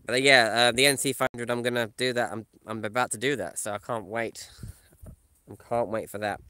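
In a dry recording, a man with a medium-pitched, sharp-toned voice talks fairly quickly with fairly even intonation. He's vlogging live in his camper van or parked outdoors, casually chatting while reading out and replying to viewers' comments.

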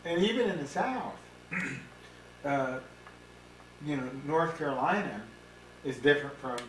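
A man's voice: a little high, animated, unhurried. Rambling man on an echoey, distant tape. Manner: rambling, reminiscing, self-correcting. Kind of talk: casual family conversation. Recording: echoey room, distant mic, faint hiss.

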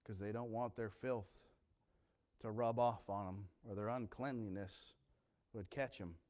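A male pastor preaching a sermon with impassioned swings from quiet storytelling to loud emphasis. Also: lowish voice, steady tone, a little slow.

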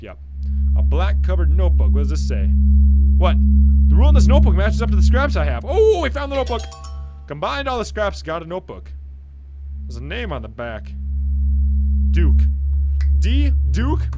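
A man giving jokey let's-play commentary on a horror game, reacting loudly and reading notes aloud. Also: on the high side. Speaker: gamer playing a horror game. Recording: loud game music behind voice.

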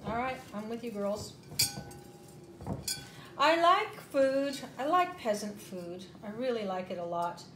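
Brief: chatty woman host, slightly high, cooking demo, echoey kitchen, dish clatter. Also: lively intonation, a little slow, long pauses, fairly bright tone, a little hiss or hum. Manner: chatty, rambling, with fillers. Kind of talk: casual cooking demonstration. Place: home kitchen.

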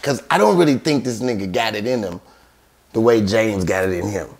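A man's voice: lowish voice, lively intonation, brisk, vocal fry. A man telling a story in casual podcast chat, acting out quoted voices and swearing freely.

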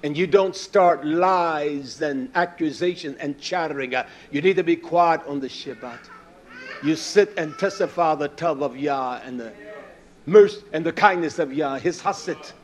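A man preaching a sermon in a blunt, scolding way, dropping to a hush and then rising loud and emphatic. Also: a little high, unhurried.

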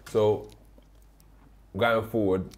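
A man's voice: fairly low pitch, level tone, very slow. A man interviewing a guest, asking questions in a hesitant way and often restarting them. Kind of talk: casual interview.

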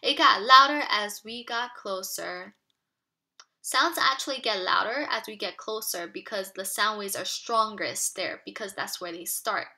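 Bright-voiced teacher reading aloud. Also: female voice, mid-range voice, unhurried. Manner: expressive storytelling, asks children questions. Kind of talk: children's read-aloud with explanations.

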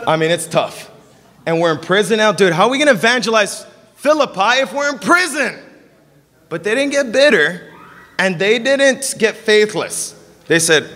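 A young man preaching a sermon, telling stories and acting out the dialogue with lively energy. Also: high-pitched, normal speed. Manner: animated storytelling, acting out dialogue. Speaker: pastor. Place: church service in a hall. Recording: long reverb of a hall.

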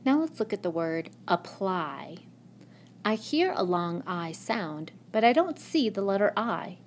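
A woman's voice: medium pitch, big pitch swings, measured pace, slight background noise. A woman teacher giving a recorded phonics lesson in a patient, encouraging classroom manner. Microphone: tablet microphone.

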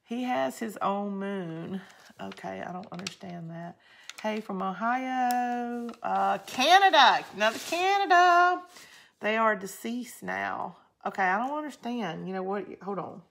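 A woman's voice: medium pitch, lively intonation, a little slow, vocal fry, fairly bright tone, slight background noise. A woman with a Southern US drawl, hosting a craft channel in rambling, chatty talk while she answers viewer comments. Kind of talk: casual live crafting chat.

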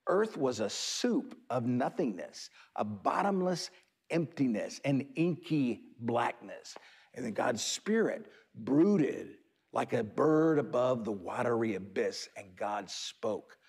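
A man preaching a sermon as pastor of an online worship service, reflective, drifting into soft whispers as he leads the listeners. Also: mid-range voice, very animated, slow pace, husky.

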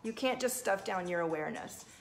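A woman's voice: mid-range voice, lively intonation, brisk. A woman hosting a livestream as a spiritual coach, talking earnestly and answering viewers' comments.

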